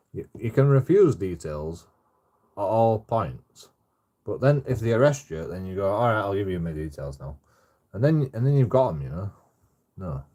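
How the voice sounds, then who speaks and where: Drunk man, deep husky voice. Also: mellow. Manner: swears a lot, keeps breaking into laughter. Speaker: livestreamer reading out chat. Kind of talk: casual live-stream chat.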